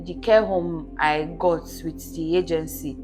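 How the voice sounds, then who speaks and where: A woman telling her life story as a podcast guest in a relaxed chat, earnestly checking that her listener understands. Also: sits low, a little slow, faint music behind. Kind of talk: casual interview storytelling.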